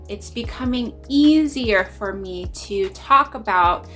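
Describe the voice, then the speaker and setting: A woman's voice: a little high, expressive, slow, a bit bright, faint music behind. A woman in her thirties, a mother, speaking earnestly and reflectively in a personal spiritual vlog. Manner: earnest, reflective, emotional at times. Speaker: vlogger, parent.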